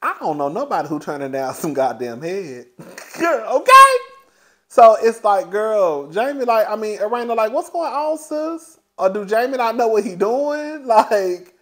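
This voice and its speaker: A man's voice: high-pitched, animated, normal speed, few pauses. A young man giving a sassy, chatty review of a reality TV show, swearing freely and laughing often as he talks. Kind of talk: casual commentary.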